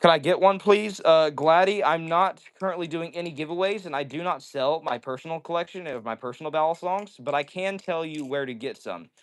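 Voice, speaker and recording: Joking and reading out viewer comments, a male livestream host chats casually from an indoor setup. He speaks a little high and a little fast with few pauses, in a clear, resonant tone.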